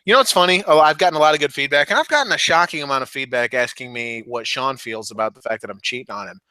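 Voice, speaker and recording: A young man co-hosting a podcast in casual, animated chat, swearing and laughing often. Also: medium pitch, quick pace, dry recording. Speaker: podcast co-host.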